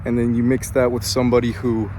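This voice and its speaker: A man talking in a confessional personal vlog. He has a breathy voice, sounds a bit complaining, and hesitates with many fillers and restarts. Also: mid-range voice, little pitch movement, quick pace, mellow, slight background noise. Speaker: vlogger.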